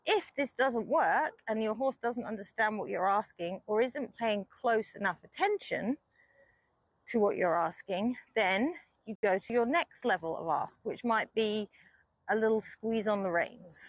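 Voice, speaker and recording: A woman horse trainer talks through her technique while riding, calm and patient. Her voice sits in a middle pitch. The sound is dry and close, with no echo around it. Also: measured pace. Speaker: riding instructor. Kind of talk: explanatory lesson while riding.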